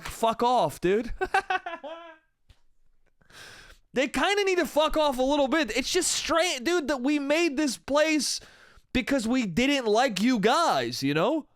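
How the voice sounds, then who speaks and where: A man's voice: high voice, clear, resonant tone, no echo, clean studio sound. An American man hosting a solo comedy podcast, ranting in a profane, rambling way and saying "dude" constantly. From United States. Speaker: podcast host.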